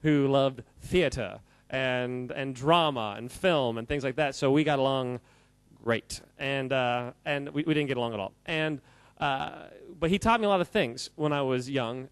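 A man giving an animated, jokey talk to a live audience, quizzing the crowd and often laughing. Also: medium pitch, no echo. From United States. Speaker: speaker addressing a live audience. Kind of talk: lively audience-interactive talk.

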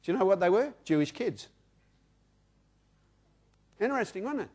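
A man's voice: extremely high pitch, big pitch swings, fairly quick, long pauses. An Australian man in his sixties preaching a sermon, repeating key phrases for emphasis and reading scripture aloud. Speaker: pastor.

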